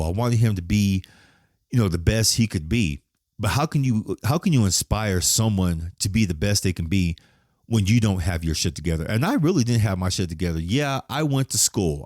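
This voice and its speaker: A middle-aged man with a very deep voice talks through a personal podcast monologue. He is raw and frank, swears freely, and gets emotional as he goes. The sound is close and dry, with no room around it. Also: darkish tone, dry recording. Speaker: podcast host.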